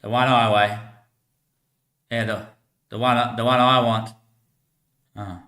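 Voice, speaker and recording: A man rambles in loose, slangy talk, swearing freely and breaking into laughs. His voice is bright and sharp at a middle pitch. The room around him echoes. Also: little pitch movement, slow. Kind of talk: rambling casual monologue.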